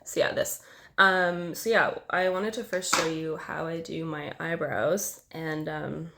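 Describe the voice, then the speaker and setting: A woman's voice: sits low, fairly even intonation, a little slow, creaky, very noisy. A young woman vlogger with a cold, sounding nasal and congested, talking casually to camera and rambling self-consciously with lots of filler words. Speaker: beauty vlogger.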